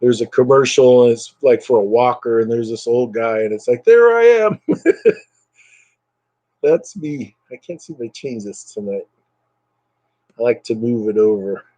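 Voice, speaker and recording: Low-energy man chatting on a livestream. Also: level tone, normal speed, pauses often, mellow, no room sound, muffled recording. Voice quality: voice a bit fried. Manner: rambling and chatty, reading out viewer comments, drifting into brief impressions. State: low energy, recovering from illness. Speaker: livestream host chatting with viewers. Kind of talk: casual livestream chat. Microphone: computer webcam mic.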